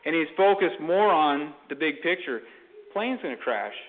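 A man's voice: a little high, animated, normal speed. A man telling a parable in a casual sermon, rambling with many fillers and restarts. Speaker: Christian speaker. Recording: tinny phone-like sound.

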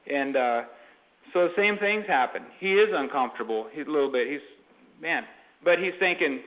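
A man's voice: fairly high pitch, lively intonation, normal speed. A man telling a parable in a casual sermon, rambling with many fillers and restarts. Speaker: Christian speaker. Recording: tinny phone-like sound.

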